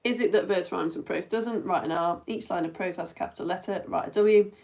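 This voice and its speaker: A woman's voice: lowish voice, brisk, vocal fry, darkish tone. A middle-aged woman teaching an online all-ages lesson, running a quiz in a playful way that often breaks into a giggle and speaks straight to her viewers. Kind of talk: live-streamed quiz lesson.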